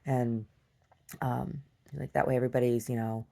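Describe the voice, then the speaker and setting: A woman telling meandering stories in a casual video diary, halting and full of restarts. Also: very deep voice, level tone, creaky. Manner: halting, full of restarts and "like", shouts when acting out quotes. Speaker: video diarist. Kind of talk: rambling casual storytelling.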